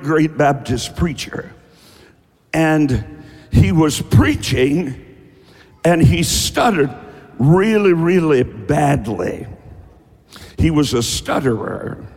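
A man preaching a sermon, emphatic and folksy, often breaking into shouts. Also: fairly high pitch, in a large hall. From rural American South. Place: church.

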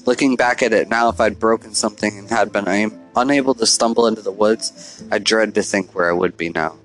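A man's voice: lowish voice, brisk, fairly bright tone, soft background music, low-quality recording. A man narrating a first-person horror story in an earnest, confessional, diary-like way.

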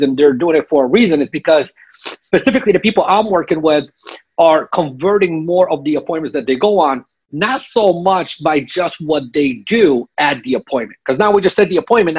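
A man's voice: on the high side, a little mellow, husky, muffled recording. A man working as a sales coach, explaining techniques step by step in a podcast interview and checking in with "okay?". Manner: instructive, repeats "okay?" to check in.

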